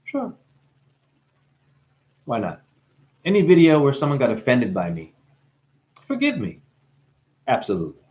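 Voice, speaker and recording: Rambling, high man swearing freely. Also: wildly swooping pitch, unhurried, pauses often, darkish tone. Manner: swings between mumbling and sudden high exclamations; profane, playful. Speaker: spiritual video maker. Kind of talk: rambling monologue.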